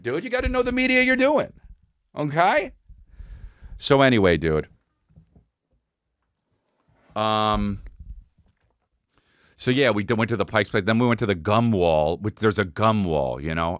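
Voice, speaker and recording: A man's voice: medium pitch, fairly bright tone, clear, resonant tone, dry recording, studio quality. A man hosting his own podcast, telling rambling, profane comic stories and imitating voices and sounds along the way. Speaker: podcast host. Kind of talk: casual comedic monologue.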